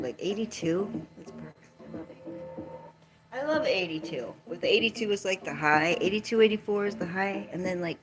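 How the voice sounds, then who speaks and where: A woman's voice: mid-range voice, low-quality recording. A woman vlogging in a casual, chatty and playful way, rambling and laughing often. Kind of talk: casual chat.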